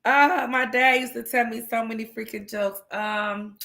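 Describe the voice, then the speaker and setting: A woman's voice: fairly high pitch, fairly even intonation, measured pace, vocal fry, fairly bright tone. Woman, livestream host, casual chat, chatty, laughs a lot. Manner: chatty, laughs often, greets viewers by name.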